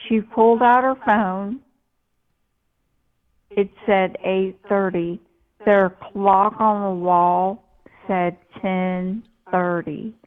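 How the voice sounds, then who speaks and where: A woman's voice: medium pitch, fairly even intonation, drawn-out words. A woman telling a personal story on a live show, rambling, with many fillers and restarts. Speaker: guest storyteller. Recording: tinny phone-line call.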